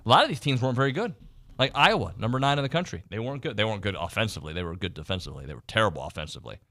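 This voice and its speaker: A man hosting a casual sports talk radio show, animatedly reading out team stats and quizzing his co-host. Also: lowish voice. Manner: animated, reads stats off quickly. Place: radio studio.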